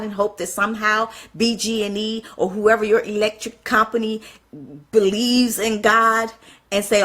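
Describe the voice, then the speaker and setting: A woman's voice: on the high side, moderate pace. A woman giving a passionate spoken sermon, firing off rhetorical questions and apologizing when she gets carried away. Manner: fiery, fires off rhetorical questions, apologizes for getting excited. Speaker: speaker at a church event.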